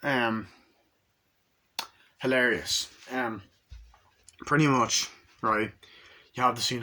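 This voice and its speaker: A man's voice: medium pitch, fairly even intonation, takes it slowly, long pauses, sharp tone. A young man reviewing a movie in casual, rambling chat, swearing freely and acting out quotes from the scenes.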